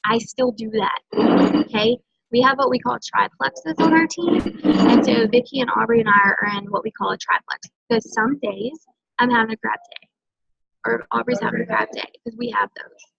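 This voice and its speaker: A woman with a high, bright-sitting voice coaches her sales team in an emphatic motivational talk. She keeps pressing her points and checks in with "okay?" The recording is dull and lo-fi. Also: moderate pace, creaky, a little hiss or hum. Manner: emphatic, coaching, often tags lines with "okay?". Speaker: senior direct-sales team leader.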